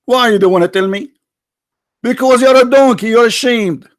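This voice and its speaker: A man hosting a heated live debate, combative and repeating insults, his voice strained and going hoarse. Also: extremely high pitch, moderate pace, dry recording, clean studio sound. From Arab world. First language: Arabic. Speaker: livestream debate host.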